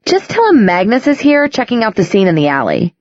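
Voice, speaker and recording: A woman's voice: medium pitch, sing-song, brisk, darkish tone, no echo, close to an everyday voice. A woman reading an audiobook, voicing a cool young woman with a wry, casual delivery, in a slightly dull recording.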